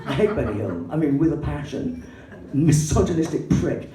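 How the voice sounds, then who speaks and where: An English woman doing stand-up comedy, an excitable, swearing storyteller who acts out the people in her story. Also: moderate pace, crowd noise. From England. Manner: excitable, swearing, acting out characters in shrill put-on voices. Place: comedy club stage. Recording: roomy hall, voice from a distance, faint background noise.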